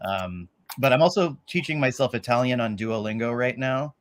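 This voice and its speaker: Man, podcast guest, relaxed, hesitant, lots of fillers, mid-pitched. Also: moderate pace. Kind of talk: casual live podcast chat.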